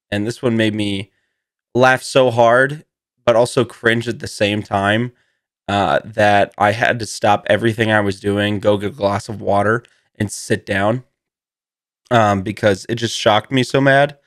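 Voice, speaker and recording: A man's voice: on the low side, fairly even intonation, measured pace, no room sound, clean studio sound. A man hosting a casual comedy monologue, rambling and playful and laughing often between his bits. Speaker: host.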